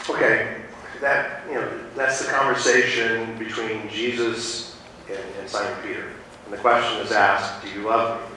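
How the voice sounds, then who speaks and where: In a church sanctuary, picked up by a distant mic amid echo and slight background noise, a pastor speaks unhurriedly in a fairly low, bright, forceful voice with little pitch movement. He preaches and tells stories in a rambling manner, with frequent fillers and restarts.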